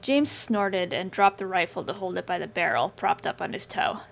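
A woman reading first-person scripted fiction in a measured, subdued way. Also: fairly low pitch, vocal fry. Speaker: audiobook narrator.

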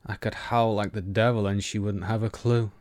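A man's voice: fairly low pitch, flat delivery, normal speed, a little mellow, no echo, lightly acted. Man voicing a cocky, crude young tough guy. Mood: scornful. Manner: teasing, crude, defiant. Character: cocky roguish young man, sharp-tongued.

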